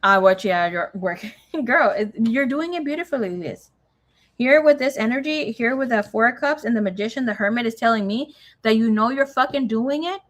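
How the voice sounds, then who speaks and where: A woman's voice: on the high side, expressive, normal speed. Chatty woman mixing in Spanish. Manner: chatty, swears freely, mixes in Spanish phrases. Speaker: tarot reader. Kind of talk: casual tarot reading to a viewer.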